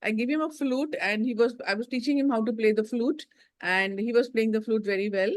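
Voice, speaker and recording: Lively older woman telling stories. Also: on the high side, fairly quick, no room sound. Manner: animated, acts out quoted voices, laughs often. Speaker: guest. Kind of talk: storytelling in casual chat.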